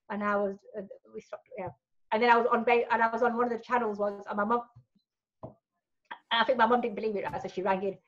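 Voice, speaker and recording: A woman's voice: fairly high pitch, fairly even intonation, fast, lo-fi sound. A woman telling personal stories as a podcast guest, frank and sweary, tagging lines with right and you know. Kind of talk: candid storytelling in a podcast chat.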